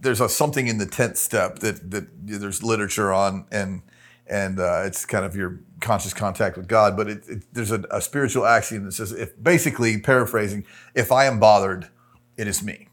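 A man's voice: fairly low pitch, fairly even intonation, a little fast, a bit bright. A man hosting a podcast, easygoing and joking, with hesitant fillers. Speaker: podcast host. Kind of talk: casual podcast conversation.

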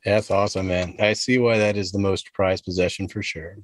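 A man's voice: deep voice, fairly even intonation, brisk, no room sound. A man hosting a podcast, asking guests questions in a friendly, casual way. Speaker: podcast host. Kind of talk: interview questions.

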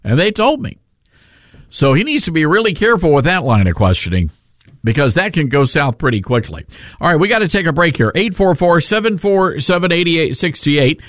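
A man's voice: a little high, very animated, a little fast, a bit bright, dry recording. A male talk radio host on a studio mic, combative and sarcastic. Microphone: studio microphone.

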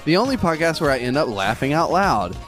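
A man with a Southern US accent trades jokes on a casual podcast while reading out listener reviews. His pitch rises and falls in a lively way. He laughs easily, and soft music sits faintly in the background. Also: brisk. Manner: joking, laughs often. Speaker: podcast co-host.

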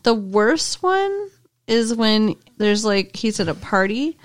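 A woman's voice: fairly high pitch, big pitch swings, slow. A woman co-hosting a podcast in casual chat, laughing often and playfully pushing back. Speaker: podcast co-host.

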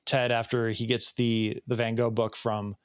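A man's voice: mid-range voice, flat delivery, moderate pace, no room sound. Man in his thirties, podcast co-host, loose rambling recap delivery, dry close sound. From Chicago area, USA. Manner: rambling, many ums and restarts. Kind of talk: casual recap chat.

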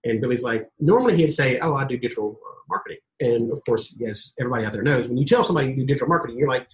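A man telling stories in a casual podcast interview as a guest coach, animated, acting out quotes and swearing casually. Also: mid-range voice, very fast, low-quality recording.

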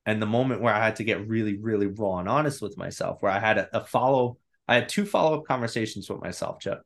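Candid, animated man telling a story. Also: on the low side, quick pace, vocal fry. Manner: candid and animated, acts out his own inner voice. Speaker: podcast guest. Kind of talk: casual storytelling.

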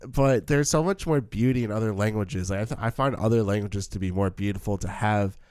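A man co-hosting a casual film podcast, opinionated and halting, repeating words as he goes. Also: fairly low pitch, darkish tone, smooth, dry recording, studio quality. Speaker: podcast co-host.

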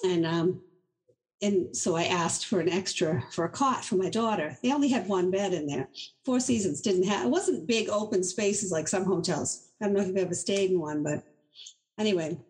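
A middle-aged woman from Boston, a guest on an interview show, telling stories in an animated, chatty way and often laughing through them. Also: on the low side, moderate pace, low-quality recording. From Boston, USA. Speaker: inventor, guest. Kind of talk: casual interview storytelling.

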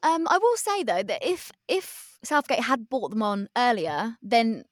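A young woman, co-hosting a casual sports podcast, chatty and quick to laugh, a self-described sports novice. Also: a little high, big pitch swings, dry recording, clean studio sound. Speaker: podcast co-host.

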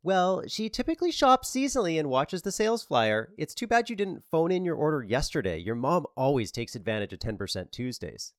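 A man's voice: on the low side, lively intonation, brisk, hardly any pauses, no echo, studio quality. A man voicing a woman grocery store clerk who speaks cheerily but condescendingly, in an audiobook. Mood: cheery, condescending.

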